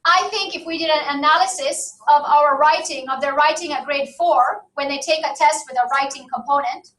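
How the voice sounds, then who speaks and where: A high-voiced woman teaches a class in a conversational way, often turning to the room with a quick question. She is recorded from some distance in an echoey classroom. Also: fairly bright tone. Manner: conversational, asks the class for agreement. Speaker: lecturer. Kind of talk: university lecture.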